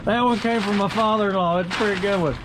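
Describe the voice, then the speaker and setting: A young carpenter who hosts a vlog chats and jokes while working on a cold construction site by a river, casually explaining what he's doing. His voice is high-pitched and fast with fairly even intonation. Loud work-site noise fills the outdoor recording.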